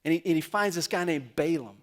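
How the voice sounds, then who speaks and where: A man preaching a sermon as pastor, retelling a story and acting out the characters' lines in quick quotes. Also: a little high, expressive.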